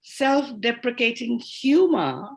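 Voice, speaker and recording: A woman's voice: fairly high pitch, very animated, slow pace, creaky, husky. A woman on a video call asking a question in an online class, hesitant and restarting her phrases. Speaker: course participant asking a question.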